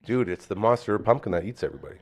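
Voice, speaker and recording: A man's voice: fairly low pitch, rapid-fire. A man hosting a podcast, teasing his co-host in casual banter. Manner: teasing, playful, animated.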